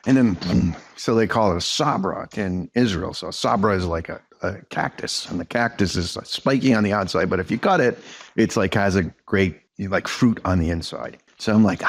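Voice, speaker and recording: A man with a fairly low voice chatting loosely as a podcast guest. He wanders through his stories with restarts and fillers and slips into quick voices for the people he quotes. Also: expressive. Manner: rambling, restarts sentences, many fillers. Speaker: guest, negotiation trainer and EOS implementer. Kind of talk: casual conversational storytelling.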